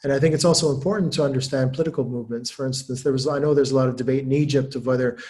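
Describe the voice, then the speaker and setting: Guy academic talking fast in a webinar, lots of restarts and repeats. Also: medium pitch, steady tone, warm tone. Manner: fast, thinking aloud with many restarts. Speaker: guest speaker, academic. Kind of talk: webinar talk.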